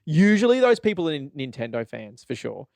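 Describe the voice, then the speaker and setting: A man's voice: a little high, fairly quick, gravelly, dry recording. A young Australian man hosting a podcast, ranting casually with lots of swearing and laughter. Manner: profane, rambling, animated, laughs often. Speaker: podcast host. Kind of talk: casual solo podcast rant.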